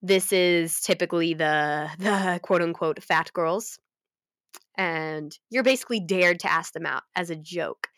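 A young adult woman recapping a story in casual chat, animated and profane, with many laughs. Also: fairly low pitch, a little slow, no room sound, studio quality. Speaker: fan fiction recapper.

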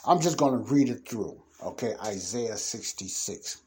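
A man's voice: on the low side, animated, normal speed, slight background noise. A man preaching an informal Bible lesson, reading verses aloud and then explaining them in everyday speech with emphatic bursts. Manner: emphatic bursts and sudden exclamations.

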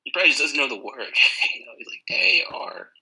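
A man's voice: medium pitch, animated, quick pace, sharp tone, breathy edge, low-quality recording. A man co-hosting a comedy podcast in a laid-back, jokey way, full of casual slang. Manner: laid-back, jokey, says "dude" and "bro". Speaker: podcast co-host.

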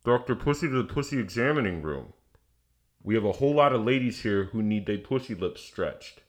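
A man doing a comic impression of a male clinic announcer paging a doctor over a loudspeaker, with a distant sound. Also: fairly low pitch, expressive, a little fast, voice pushed down, lightly acted. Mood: deadpan paging. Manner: announcing over a pretend PA system. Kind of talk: comedic impression.

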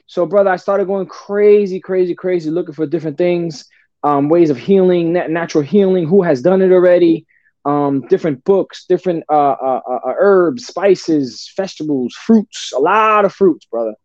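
A man talks through his story as a podcast guest. His delivery is loose and profane, and he keeps restarting sentences and calling the listener "brother." His voice sits a little high and mellow, and the recording is dry and muffled. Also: moderate pace, no room sound. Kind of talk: casual storytelling. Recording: dull lo-fi podcast audio.

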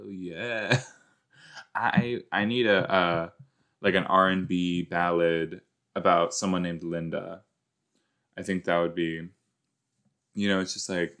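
A man's voice: sits low, steady tone, takes it slowly, pauses often, a bit bright. A man hosting a rewatch podcast, giving rambling, jokey reaction commentary that often trails off.

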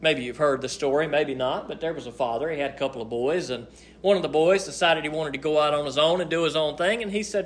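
Preacher, male, high voice, emphatic sermon delivery that swings between loud and hushed. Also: brisk. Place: church service.

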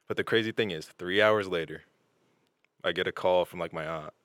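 A young man with a very deep voice talks as a podcast guest, laid-back and easy. His tone is bright and forceful, and the sound is dry and close. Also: moderate pace, no room sound. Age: young adult. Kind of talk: casual chat.

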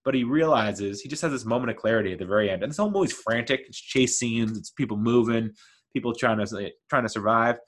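A man's voice: medium pitch, quick pace. A man casually talking through favorite scenes, rambling with lots of fillers and restarts. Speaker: host. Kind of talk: casual movie talk.

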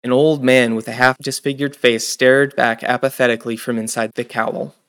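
Guy reading a fantasy audiobook, steady storytelling. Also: medium pitch, moderate pace, clear, resonant tone. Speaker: audiobook narrator. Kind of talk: scripted narration.

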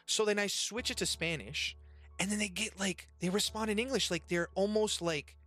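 A man hosting a casual podcast chat, animated and profane, with lots of slang. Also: high-pitched, moderate pace, faint music behind. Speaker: podcast host and restaurant worker. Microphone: webcam and desk mic.

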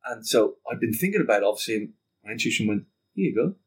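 A man guest on a podcast, telling a story in casual conversation, animated and swearing freely while acting out what people said. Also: fairly low pitch, rapid-fire, slightly rough.

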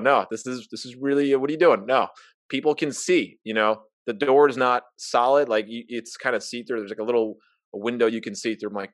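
A man's voice: medium pitch, brisk, no echo. A young man telling an embarrassing personal story in casual chat, candid and self-mocking, acting out the dialogue.

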